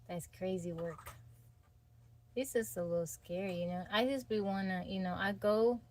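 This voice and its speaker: A woman's voice: mid-range voice, normal speed. A woman hosting a livestream, chatting casually with viewers and reading out their comments. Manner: laid-back, laughing, reads out and greets chat. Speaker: livestream host. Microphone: phone.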